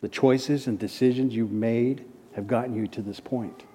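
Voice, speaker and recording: A male preacher with a mellow, warm voice delivers a storytelling sermon at a middle pitch. He slows down for emphatic repeated refrains and then drops quick and hushed to tell a story. His voice rings with the long reverb of a large conference hall. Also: steady tone, slight background noise. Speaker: preacher and ministry director.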